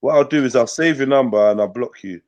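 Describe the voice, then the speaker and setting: A man's voice: mid-range voice, fast, a little mellow, dull audio. A man hosting a live call-in show, joking and repeating himself in casual slang. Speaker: host.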